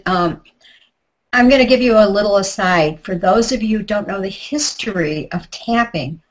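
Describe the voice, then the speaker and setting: A woman's voice: a little high, low-quality recording. A middle-aged woman teaching a tapping technique in a live online workshop, chatty and guiding step by step with asides. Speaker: tapping instructor.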